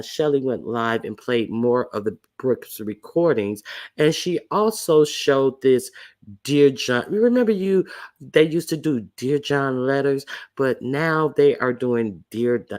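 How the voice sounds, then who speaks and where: A man's voice: mid-range voice, animated, measured pace, darkish tone. A man hosting a livestream, giving blunt, sassy gossip commentary and greeting chat viewers between remarks. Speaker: livestream host.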